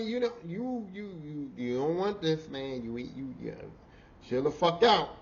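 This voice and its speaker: A man hosting a podcast, telling a profane work story in casual style and acting out the quotes. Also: normal speed. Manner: animated, profane, acts out quotes with big pitch jumps. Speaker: podcast host. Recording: slightly dull audio with faint noise.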